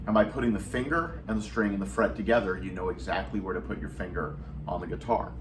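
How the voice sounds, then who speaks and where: Low-voiced man teaching guitar, distant mic. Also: fairly even intonation, fast, noisy background. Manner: patient, step-by-step, counts beats aloud. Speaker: guitar instructor. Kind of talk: recorded guitar lesson. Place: at home.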